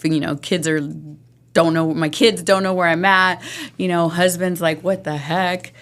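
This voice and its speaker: A woman's voice: fairly low pitch, little pitch movement, moderate pace, fairly bright tone. A middle-aged woman, a podcast guest, speaking candidly and earnestly about her recovery, with frequent restarts and nervous laughs. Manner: earnest, rambling with restarts, laughs through hard moments. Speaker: interview guest.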